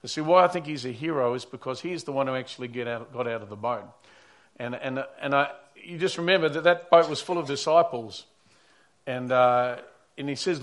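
A man preaching a Sunday sermon in a conversational way, swinging between loud emphatic lines and quiet asides. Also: medium pitch, fairly quick. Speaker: pastor.

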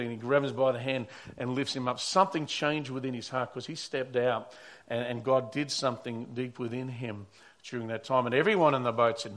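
A man's voice: medium pitch, steady tone, a little fast. A man who is a pastor preaching a sermon, telling stories earnestly and often repeating or restarting his words.

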